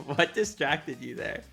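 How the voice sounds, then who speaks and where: A man's voice: fairly high pitch, animated, slow, vocal fry, bright, forceful tone, soft background music. Laid-back man chatting while gaming. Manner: laid-back, hesitant, laughs often. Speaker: fellow player in a survival game. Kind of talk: casual gaming chat.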